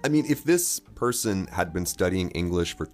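A man co-hosting a casual chat, explaining things in a relaxed, easygoing way. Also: low-pitched, normal speed, faint music behind. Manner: relaxed, explains with everyday examples. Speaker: co-host.

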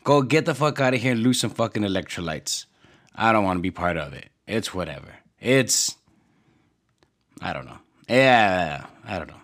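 A man's voice: fairly low pitch, expressive, normal speed, a bit bright. A man ranting casually on a podcast, swearing constantly and rambling with lots of filler words. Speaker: podcast host.

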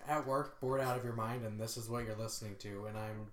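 A man's voice: fairly low pitch, fairly even intonation, a little fast, a bit bright. A man co-hosting a podcast in casual chat, joking and self-deprecating, with lots of fillers. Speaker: podcast co-host. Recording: echoey room.

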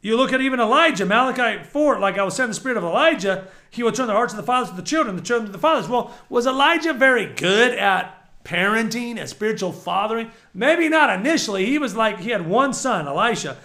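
A middle-aged man preaching a sermon, animated, swinging between shouts and low murmurs. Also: a little fast.

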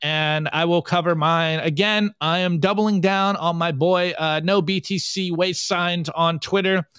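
A man's voice: high voice, a little slow, smooth, dry recording. A man co-hosting a show, chatting casually and animatedly as he reviews memes. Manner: animated, jokey, puts on voices for quoted memes. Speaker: podcast co-host. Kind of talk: casual meme review chat.

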